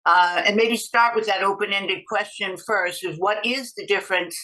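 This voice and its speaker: Bright-voiced woman podcast host. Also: mid-range voice, normal speed, low-quality recording. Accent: faint Boston. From Boston area. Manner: chatty, personal asides. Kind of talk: conversational interview.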